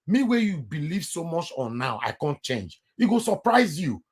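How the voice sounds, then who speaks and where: A man with a Nigerian Pidgin accent talking politics in casual chat, calm and measured. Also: a little high, breathy edge. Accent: Nigerian Pidgin English.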